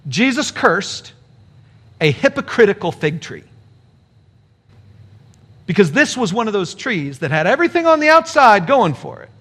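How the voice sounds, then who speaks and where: A man's voice: high-pitched, fairly bright tone. A middle-aged man, a pastor, preaching a sermon in a conversational way, explaining points and adding rhetorical asides.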